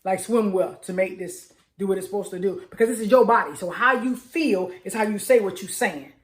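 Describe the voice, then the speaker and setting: A woman's voice: medium pitch, fairly quick, reverberant. A middle-aged woman coaching on mindset, talking casually and emphatically, with a hyper energy and affirmations repeated with growing force. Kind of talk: casual motivational talk.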